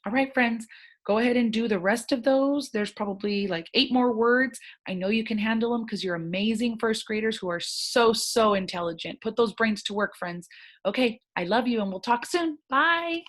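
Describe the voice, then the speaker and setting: A woman teaching a first grade phonics lesson, sounding out words slowly in a gentle, encouraging way. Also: fairly high pitch. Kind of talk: recorded online phonics lesson.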